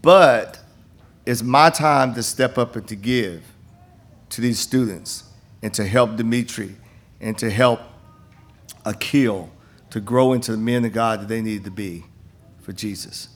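His voice is on the low side, unhurried and marked by long pauses. The speaker, an older campus minister, tells folksy stories with many restarts as he gives an appeal and testimony to a congregation in a church sanctuary.

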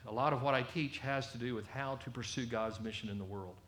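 A man preaching a sermon in a conversational, animated way, often acting out the people he quotes. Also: medium pitch, a little fast, reverberant, a little hiss or hum.

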